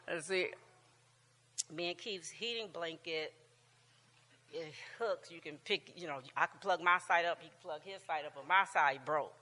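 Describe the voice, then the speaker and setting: A woman in her sixties talks casually to a church class, laughing easily and tripping over her own sentences. Her voice is bright and a little tense. A long hall reverb trails behind her words. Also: fairly low pitch, unhurried, long pauses. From United States. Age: 60s. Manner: chatty, laughing often, warm storytelling with many restarts.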